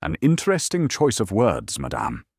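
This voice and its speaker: A fastidious Belgian detective weighs every word, formal and exacting, as a man performs him. The voice sits low but moves expressively through each phrase. It is recorded dry and close. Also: huge pitch swings, slightly rough, no room sound, heavily acted. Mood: probing. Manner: measured and exacting, formal address. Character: fastidious Belgian male detective, precise, calm.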